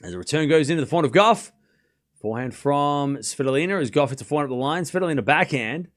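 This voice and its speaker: A man streaming a live tennis watchalong, calling each rally in quick play-by-play and chatting with viewers between points. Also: fairly high pitch, lively intonation. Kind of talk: live watchalong commentary and chat reading.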